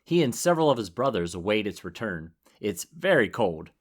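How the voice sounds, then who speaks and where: A man's voice: on the low side, big pitch swings, a little fast. A man co-hosting a podcast, reacting wryly in casual chat and reading a chapter summary. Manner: wry, easygoing responder. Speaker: podcast co-host.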